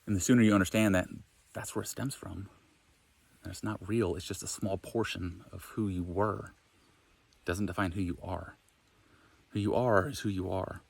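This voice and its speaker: A man's voice: deep voice, steady tone, moderate pace, vocal fry, pauses often, husky. A man giving a frank, rambling monologue as a self-help vlogger, often swearing. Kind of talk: casual spoken monologue.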